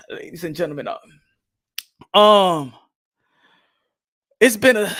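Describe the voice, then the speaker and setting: A man presenting a boxing vlog, delivering a sarcastic mock apology with theatrical fake sobbing, heavy sighs and whimpers, swinging between soft and loud. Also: very high voice. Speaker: boxing YouTuber.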